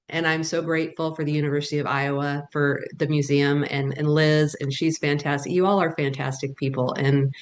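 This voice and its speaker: Woman panelist and advocate, earnest and emphatic, repeats herself, video-call audio. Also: sits low. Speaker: panelist, bereaved mother and advocate. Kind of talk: heartfelt webinar testimony.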